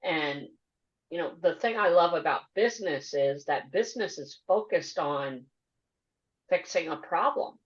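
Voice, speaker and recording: A woman hosting a podcast interview, earnest and measured as she asks questions and comments. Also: sits low, lively intonation. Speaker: podcast host. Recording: dull lo-fi audio.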